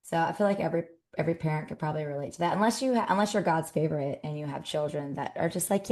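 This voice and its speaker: A woman in her thirties co-hosting a podcast in casual chat, animated and acting out scolding her kids. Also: low-pitched, racing, few pauses. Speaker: podcast co-host.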